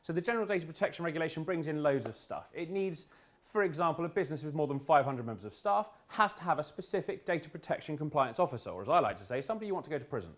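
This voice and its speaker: A man from the UK giving a humorous business presentation to an audience in an event room, with quick jokes and restarts. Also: on the high side, lively intonation. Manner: joking, quick asides, restarts. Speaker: speaker at a business talk.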